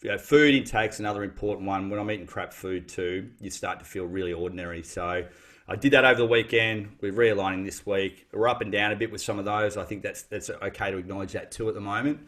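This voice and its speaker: A man's voice: on the low side, steady tone, a little fast, a bit bright. A man, a guest on a casual podcast, talking thoughtfully with frequent restarts. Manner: thoughtful, reflective, many restarts.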